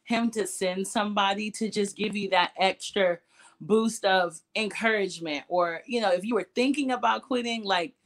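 A woman's voice: mid-range voice, normal speed. A young adult woman hosting an interview podcast, answering her guest with encouraging, affirming remarks. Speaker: podcast host. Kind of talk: interview talk show hosting.

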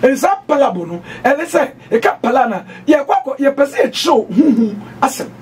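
A man with a Ghanaian accent preaching on doctrine, emphatic, mixing Twi and English and at times shouting. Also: very high voice, big pitch swings, a little fast, slightly rough, recorded from a distance.

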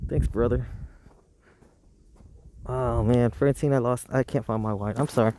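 A man's voice: medium pitch, moderate pace, long pauses, a little mellow, no echo. A man hosting a casual live painting stream outdoors by the roadside, rambling and talking to himself with frequent chuckles.

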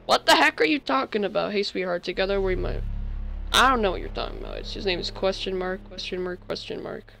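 A teenage boy giving casual, excitable commentary while playing a game, yelping often, his voice cracking when he yells. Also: sits high, brisk, gravelly, faint music behind. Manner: excitable, yelps and frequent voice cracks. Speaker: gamer.

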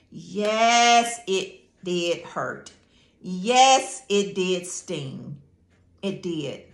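A woman's voice: fairly low pitch, animated, drawn-out words. A woman preaching a devotional sermon and prayer, emphatic, repeating phrases and calling on listeners to say words back. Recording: echoey room with faint music.

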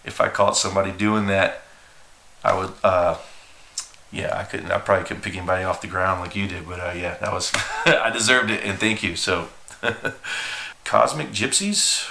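A skateboard team manager in his forties tells a rambling, profane, self-deprecating story in a casual way. His low, gravelly voice sounds pushed and bright at a moderate pace. The room echoes, and there's a little hiss or hum.

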